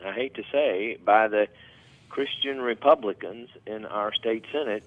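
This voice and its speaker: A man's voice: fairly low pitch, unhurried. A man calling in as a policy advocate, speaking hesitantly with many fillers and restarts. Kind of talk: phone interview. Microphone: telephone. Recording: tinny phone line.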